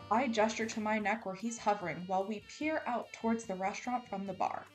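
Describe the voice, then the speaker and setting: A woman's voice: mid-range voice, brisk, few pauses, faint music behind. A woman reading a romance novel aloud in a dramatic, casual style with playful, sarcastic asides. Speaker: audiobook reader.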